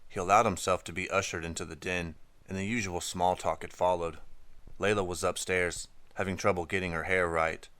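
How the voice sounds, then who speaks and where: A man narrating an audiobook in an even, measured storytelling manner. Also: low-pitched, smooth, dry recording.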